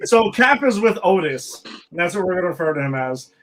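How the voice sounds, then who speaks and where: A man's voice: high voice, very animated, fairly quick, a bit bright, rough recording. A man co-hosting a podcast, chatting casually and sounding incredulous. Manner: incredulous, exasperated. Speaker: podcast co-host. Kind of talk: casual chat.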